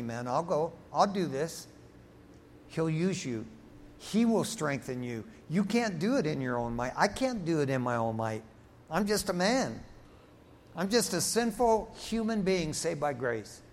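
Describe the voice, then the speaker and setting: A man preaching a sermon, animated and acting out voices from Bible stories. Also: on the high side, slight background noise. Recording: long reverb of a large hall.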